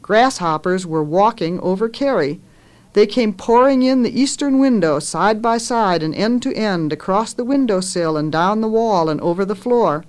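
A woman author reading a story aloud in a measured, expressive way, lifting her voice for the characters' lines. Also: medium pitch.

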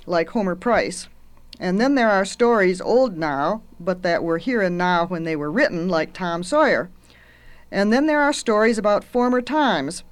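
A middle-aged woman who teaches at a university, talking earnestly about books and storytelling. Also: lowish voice.

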